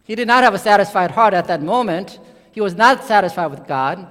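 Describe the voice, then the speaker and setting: Animated preacher with a high voice in a reverberant hall. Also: male voice, fairly quick. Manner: conversational preaching, rising excitedly then dropping low. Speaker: pastor. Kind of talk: sermon.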